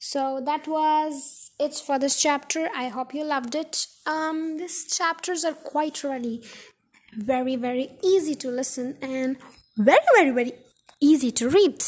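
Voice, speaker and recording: A woman reads a children's book aloud for her podcast in a casual, chatty manner. Her voice is high. She stops to fix her slips and carries on. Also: unhurried. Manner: chatty, self-correcting with little apologies. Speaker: podcast storyteller. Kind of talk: casual read-aloud storytelling.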